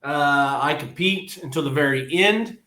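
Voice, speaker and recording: A man's voice: on the high side, unhurried, pushed and bright, echoey room, a little hiss or hum. A man co-hosting a podcast in casual sports chat, blunt and frustrated, laughing often. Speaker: podcast co-host.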